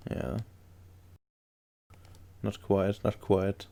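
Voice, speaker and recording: A man narrates a tabletop game as its game master, groping for words as he describes things. His voice sits low and carries a gravelly fry. He talks in a casual, unpolished way. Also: flat delivery, dark tone. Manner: halting, searching for words while describing.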